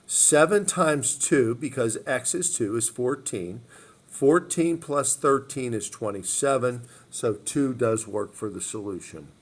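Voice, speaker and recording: A male math teacher talks through each equation step by step in an even, mid-range voice. He repeats key moves and keeps checking in with his students as he works. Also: mid-range voice, a little slow. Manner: step-by-step, repeats phrases, frequent "okay?" check-ins. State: hiccups. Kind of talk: recorded math lesson walkthrough.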